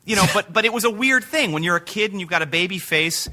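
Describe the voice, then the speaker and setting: A man chats as a podcast guest, making fun of himself and laughing through his stories. His voice sits a little high and sounds very bright and crisp. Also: lively intonation, fast talker. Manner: self-deprecating, laughs often, rambling asides. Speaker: guest singer. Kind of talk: casual interview chat.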